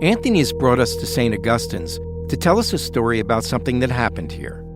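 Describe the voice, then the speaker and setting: Male podcast host reading documentary narration, animated melodic delivery. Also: medium pitch, music in the background. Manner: measured, storytelling.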